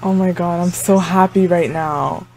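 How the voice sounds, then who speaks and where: A woman's voice: fairly low pitch, fairly even intonation, unhurried, darkish tone. A young woman hosting a reaction video, chatting casually to the screen with frequent exclamations and laughs. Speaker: anime reaction channel host.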